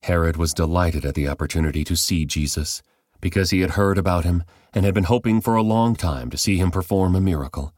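A man reading a Bible passage aloud as measured, scripted narration. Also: sits low, a little mellow, no room sound, clean studio sound. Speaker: Bible reader.

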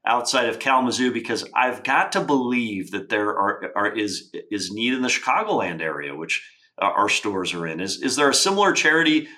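A man hosting a podcast in casual interview chat, enthusiastic and expressive, generous with compliments for his guest. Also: fairly low pitch, moderate pace. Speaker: podcast host.

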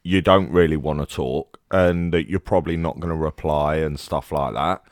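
A man's voice: a bass voice, steady tone, normal speed, no echo, clean studio sound. A man with a Cockney accent, co-hosting a podcast in a laid-back, blokey way. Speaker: podcast co-host. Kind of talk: casual podcast chat.

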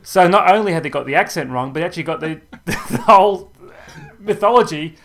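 A man's voice: a little high, expressive, brisk, fairly bright tone. A man from New Zealand hosting a podcast, talking in a wry way and laughing between points. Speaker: podcast host. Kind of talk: casual chat.

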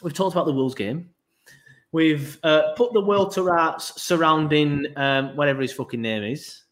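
A man's voice: fairly high pitch, normal speed. A man hosting a casual football podcast, rambling with asides. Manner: rambling, full of ums and asides. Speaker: podcast host.

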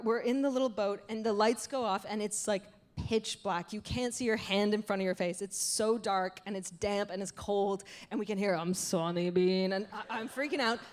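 Animated self-deprecating woman comedian. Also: a little high. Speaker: stand-up comedian. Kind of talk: stand-up comedy storytelling. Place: stage.

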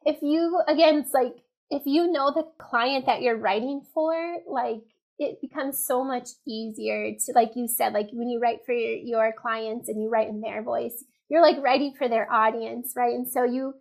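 A woman's voice: a little high, steady tone, normal speed, creaky, few pauses, a little mellow. A woman guest giving copywriting advice in a casual, chatty way, peppering her talk with "like" and "you know". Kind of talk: casual interview chat.

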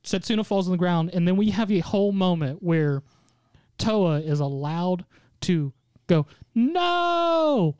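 Host, male, upper-pitched, smooth dry voice, animated storyteller recapping an episode. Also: normal speed, dry recording. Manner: animated storytelling, mock quotes in put-on voices, frequent laughter. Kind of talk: casual recap chat.

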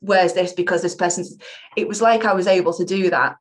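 A woman's voice: on the low side, fairly even intonation, a little fast. A young adult woman, an improv performer, talking chattily and animatedly in a casual interview, with self-mocking humor.

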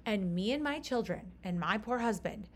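Animated woman telling a podcast story. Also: medium pitch, moderate pace, a little hiss or hum. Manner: animated, reenacts conversations with rising exasperation. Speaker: podcast host.

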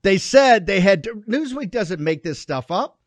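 A man's voice: high voice, animated, unhurried, no room sound. A man hosting a political show, ranting and mocking in combative commentary. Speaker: show host.

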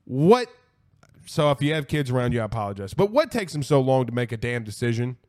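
This college football show host speaks a little fast in a medium-pitched voice on his casual live stream. He reads viewer comments and gives blunt, animated takes, frequently repeating himself to drive points home.

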